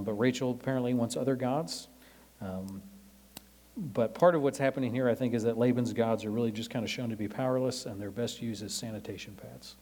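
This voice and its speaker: A man giving a conversational Bible lesson, relaxed and filling pauses with frequent "um"s while he explains passages in everyday words. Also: mid-range voice. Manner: explains scripture in everyday paraphrase. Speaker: Bible teacher.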